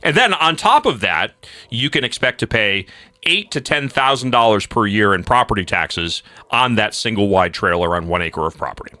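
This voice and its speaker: A man's voice: lowish voice, lively intonation, normal speed, pushed and bright, no room sound. A man from New Hampshire hosting a talk show, direct and emphatic, with a casual hosting style.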